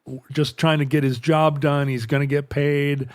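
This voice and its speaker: A man's voice: a little high, level tone, moderate pace, no room sound. Rambling male storyteller, very dry sound. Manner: rambling, self-interrupting anecdote with quoted dialogue. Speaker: podcast host. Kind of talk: storytelling in casual chat.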